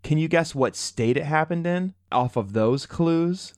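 A man's voice: on the high side, expressive, unhurried, no echo, clean studio sound. A man co-hosting a podcast in casual chat, playful and jokey as he tells a story. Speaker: podcast co-host.

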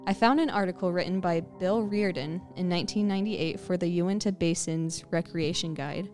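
Woman podcast host, low voice, spooky second-person storytelling, faint music behind. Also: normal speed, a little mellow. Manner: second-person scene-setting, leading the listener.

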